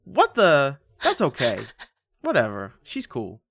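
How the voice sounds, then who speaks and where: Profane ranting man, lively pitch, casual podcast chat, dry close sound. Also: slow pace, vocal fry, no echo. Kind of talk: casual chat, film review.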